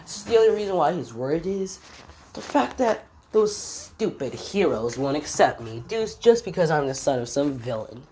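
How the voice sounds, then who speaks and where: Rambling low-voiced woman telling a story. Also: big pitch swings, normal speed, mellow, a little hiss or hum. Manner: rambling, self-correcting, filler-heavy. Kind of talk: casual fan-fiction retelling.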